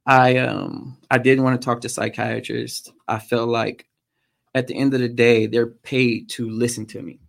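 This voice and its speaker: A man with a gravelly, rough-edged voice speaks at a middle pitch. He tells a personal story as a podcast guest. He stops often and fills the gaps with "um". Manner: halting, frequent "um" pauses. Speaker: podcast guest, motorcycle racer.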